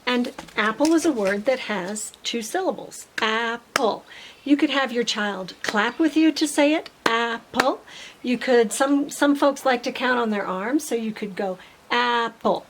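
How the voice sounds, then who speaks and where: A middle-aged woman speech teacher giving parents a patient step-by-step tutorial, modeling simple sentences slowly. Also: on the high side, expressive, noisy background.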